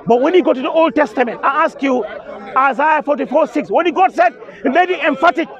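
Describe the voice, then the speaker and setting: A man's voice: extremely high pitch, fairly quick, a bit bright. A man arguing in a heated outdoor street debate, interrupting often, repeating himself and quoting scripture in Arabic. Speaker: Muslim debater. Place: outdoor public speaking corner with a crowd. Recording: slightly dull, crowd noise.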